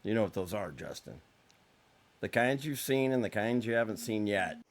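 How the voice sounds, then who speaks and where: A man's voice: lowish voice, expressive, moderate pace. A man co-hosting a podcast, dropping dry wisecracks in casual chat. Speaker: podcast co-host.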